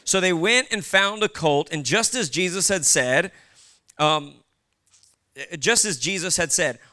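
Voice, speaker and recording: A man's voice: high-pitched, lively intonation, a little slow, sharp tone. A male pastor preaching casually, with conversational asides to the congregation. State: short on sleep. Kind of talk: sermon.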